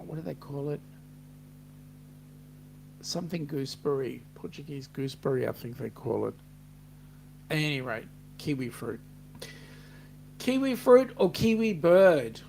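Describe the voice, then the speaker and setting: A man's voice: on the high side, a little hiss or hum. A man with an Australian accent hosting a live chat, rambling and reading out viewer comments. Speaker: host.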